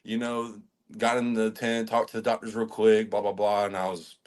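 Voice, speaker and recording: A man in his twenties, a college football lineman, telling lively stories with laughs and swearing as a podcast guest. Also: on the low side, moderate pace. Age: 20s. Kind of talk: casual podcast chat.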